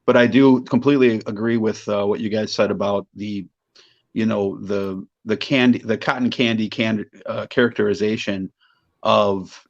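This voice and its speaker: A man's voice: lowish voice, fairly even intonation, gravelly, highs cut off. A man co-hosting a podcast, chatting in a casual debate and picking his words with care as he goes. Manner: measured, searching for words. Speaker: podcast co-host.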